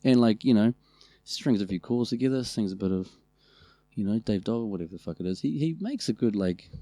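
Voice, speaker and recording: A man with a New Zealand accent, co-hosting a podcast and telling family stories in a loose, animated way, with a lot of swearing. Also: fairly low pitch, a little fast, dry recording. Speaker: podcast co-host. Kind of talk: casual storytelling chat.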